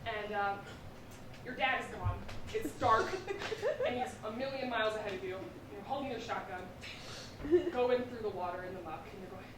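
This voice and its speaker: A young woman performing a stand-up comedy set on a theatre stage, telling animated stories with asides to the crowd. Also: mid-range voice, normal speed, distant mic. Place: theatre stage with a live audience. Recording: roomy hall recorded from afar, noisy.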